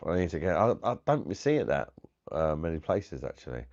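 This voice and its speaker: A man with a very low voice chats loosely with his live-stream viewers, greeting them by name, laughing and swearing as he goes. The sound is dull and lo-fi. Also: very animated, a little fast, darkish tone. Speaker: live-stream host reviewing beer.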